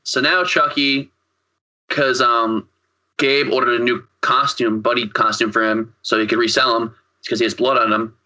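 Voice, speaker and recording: A man's voice: mid-range voice, steady tone, normal speed, bright, forceful tone, poor audio. A man co-hosting a podcast, recapping a film in casual chat, rambling, profane and full of fillers. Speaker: podcast co-host.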